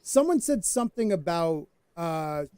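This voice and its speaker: A man's voice: on the high side, sing-song, a little slow, warm tone, clear, resonant tone, dry recording. A man hosting a casual podcast, bantering and joking with his co-hosts.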